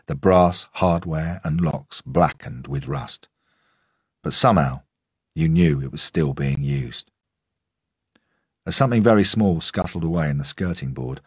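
A male narrator reads a first-person crime story in a measured, tense way. His voice is extremely deep with a husky edge. The sound is dry and close, with no room around it. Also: no echo. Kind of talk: scripted audiobook narration.

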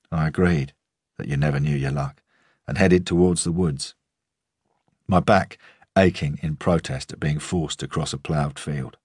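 An audiobook narrator reads a first-person crime story in a measured, steady way. His voice is rumbling, low and husky, captured in clean studio sound without echo.

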